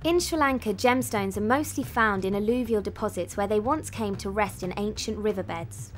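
A woman giving scripted documentary narration in an even, informative voice-over. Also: medium pitch, normal speed. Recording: voice-over with music behind. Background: music.

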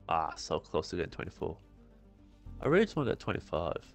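Man, gaming streamer, live commentary, chatty, animated, somewhat low voice. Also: fairly quick, vocal fry, pauses often, faint music behind. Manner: chatty, talks to himself and viewers.

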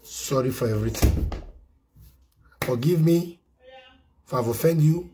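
A man's voice: medium pitch, a little slow, mellow, a little hiss or hum. A man with a Nigerian accent delivering a pleading, repetitive apology, mixing Pidgin and Yoruba. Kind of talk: apology video monologue.

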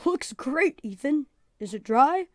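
A woman voicing a kind, patient father in a read-aloud storybook, encouraging and a bit louder. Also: high-pitched, animated, slow, no room sound, clean studio sound. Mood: cheerful.

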